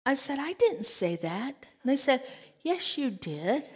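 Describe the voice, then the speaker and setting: A woman teaching a Bible study as a sermon, lively, acting out scripture and conversations in other voices. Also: sits high, a little slow, husky. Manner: animated, acts out scripture quotes and conversations. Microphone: podcast mic.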